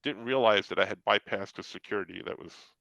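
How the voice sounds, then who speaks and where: A man's voice: lowish voice, fairly quick, gravelly, dry recording, lo-fi sound. A man telling a story in casual chat, acting out what people said along the way. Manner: animated storyteller acting out quotes. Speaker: comic artist on a talk show.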